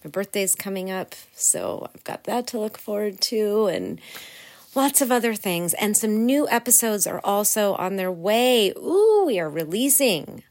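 A woman's voice: mid-range voice, unhurried, darkish tone. A woman hosting her own podcast, talking casually and earnestly with many fillers and small laughs. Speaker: podcast host. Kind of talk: casual solo podcast talk.

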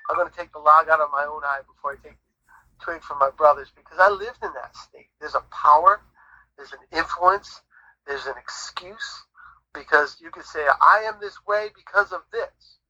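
A man's voice: fairly high pitch, brisk, pushed and bright. A man giving his faith testimony as an interview guest, in an earnest, preacherly storytelling manner, on muffled audio. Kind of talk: conversational Christian testimony.

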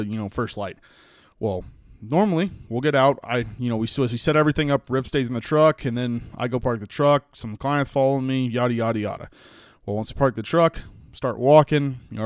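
A man's voice: medium pitch, no echo, studio quality. A young man with a Texan accent from West Texas, hosting a casual solo podcast, rambling through folksy stories with plenty of fillers. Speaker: podcast host and hunting guide.

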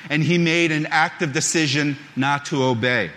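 A man with a notably high voice delivers a sermon, first reading scripture in a measured, steady way, then speaking conversationally and circling back on his words. His voice rings out with a long reverb tail, as if in a large church sanctuary. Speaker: pastor.

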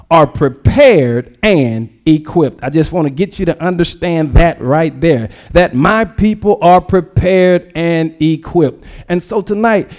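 A pastor preaching a sermon, calling for the congregation to repeat after him and repeating key phrases. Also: male voice, on the high side, a little mellow.

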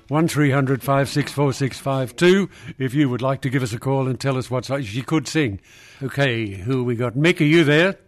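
A man hosting a talkback radio show in a dry, measured, unhurried way. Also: medium pitch. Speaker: radio host.

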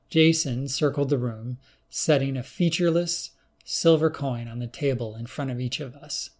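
A man narrating a first-person story in a measured, plain storytelling manner. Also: medium pitch, a little mellow.

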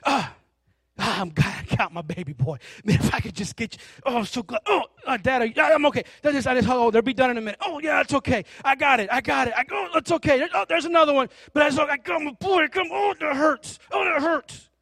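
A man's voice: very high-pitched, animated, a little fast, a bit bright, no echo, clean studio sound, voice pushed up, heavily acted. A man acting out a loving father who shields his son from thrown stones and cries out in pain while reassuring him. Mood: strained, loving. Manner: breathless, pained, reassuring cries.

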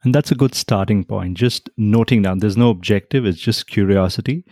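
Low, mellow-voiced male interviewer. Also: no echo, clean studio sound. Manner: measured, thoughtful, sums up guest's points. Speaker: host. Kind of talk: interview questions.

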